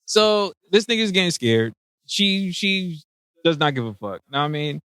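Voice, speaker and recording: A man's voice: on the high side, very animated, moderate pace, a bit bright, clean tone, no echo. Man in a slangy movie recap. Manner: loose slangy recap with frequent "know what I mean". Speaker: podcast co-host. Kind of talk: casual film discussion.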